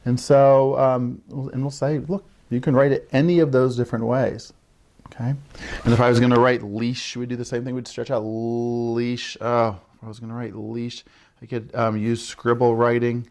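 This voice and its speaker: A man's voice: medium pitch, little pitch movement, normal speed, a little mellow. Man explaining early writing to parents. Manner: explains with frequent "right?" check-ins and modeled child-directed lines. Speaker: early childhood literacy educator. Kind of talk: instructional talk to parents.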